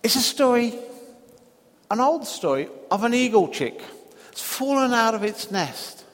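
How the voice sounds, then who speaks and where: A man preaching a sermon in a church, telling a story slowly and deliberately with long pauses. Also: very high voice, sing-song, a bit bright, in a large hall.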